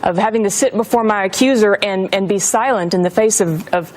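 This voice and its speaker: A woman answering in a news interview, earnest and halting, restarting and repeating words. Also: mid-range voice, a little mellow. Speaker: interview guest.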